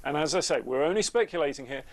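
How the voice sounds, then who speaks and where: A man speaking as a polling analyst guest, measured and speculative, with hesitant restarts. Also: on the high side, lively intonation. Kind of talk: expert interview.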